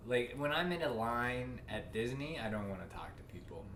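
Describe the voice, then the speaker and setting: Co-host rambling man, middle pitch, story with fillers, roomy echo. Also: animated, normal speed, fairly bright tone. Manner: rambling anecdote teller with fillers. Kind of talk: casual chat. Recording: echoey room, faint noise.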